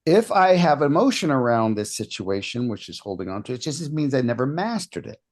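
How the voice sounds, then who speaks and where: A man with a mid-range voice tells a personal story on an interview show. His pitch leaps up when he quotes other people and drops low for his own doubts. He sounds casual and animated. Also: fairly quick. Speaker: podcast guest, hypnotist.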